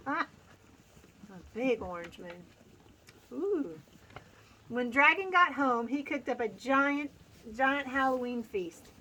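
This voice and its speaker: A woman's voice: on the high side, a bit bright, rough recording. A woman hosting a casual picture-book read-aloud outdoors on a farm, laughing often and making playful asides to her animals.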